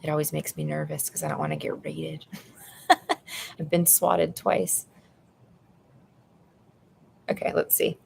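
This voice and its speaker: A woman's voice: low voice, big pitch swings, slow pace, vocal fry, pauses often, slight background noise. A woman giving a live tarot reading from her apartment into a phone, chatty and blunt, calling the viewer "girl". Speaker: tarot reader. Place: apartment room at home.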